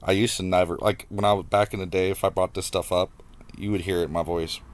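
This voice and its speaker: Low-voiced man telling his story. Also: fairly even intonation. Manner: casual, halting, reflective, with many restarts. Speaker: vlogger. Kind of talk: personal storytelling to camera.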